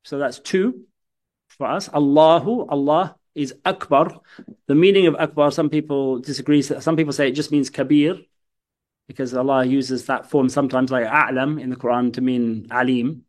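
A man's voice: mid-range voice, fairly even intonation, normal speed, a little mellow. A man teaching a lesson on religious practice, explaining step by step and sometimes breaking into chanted demonstrations. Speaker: Islamic studies teacher.

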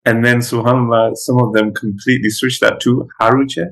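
A man's voice: medium pitch, flat delivery, brisk, gravelly, poor audio. A man whose first language is Pashto, lecturing students in a conversational way with many fillers and restarts. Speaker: teacher.

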